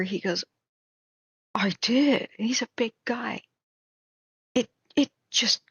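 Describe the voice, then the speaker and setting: A woman hosts a livestream and tells a long story in a casual, rambling way, acting out the people in it. Her voice sits at a middle pitch. The sound is dry and a little dull, like a basic desk mic. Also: moderate pace, husky, no room sound. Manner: animated, rambling, acts out quotes with shrieks and laughs. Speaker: livestream host.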